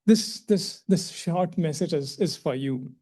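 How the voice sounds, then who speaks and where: A man's voice: fairly high pitch, a little slow, mellow. A man giving a public lecture as a guest speaker in a lecture hall, effusive and emotional, often repeating words as he goes.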